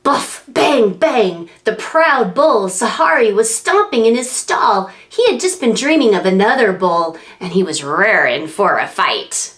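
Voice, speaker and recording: A woman librarian reading a picture book aloud to preschoolers, animated and sing-song, making animal and wind sounds as she goes. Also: mid-range voice, measured pace, few pauses. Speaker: children's librarian.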